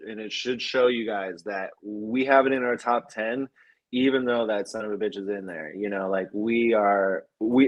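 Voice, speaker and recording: A man hosting a casual film podcast, talking enthusiastically and restarting his sentences as he goes. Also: on the low side. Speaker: podcast host.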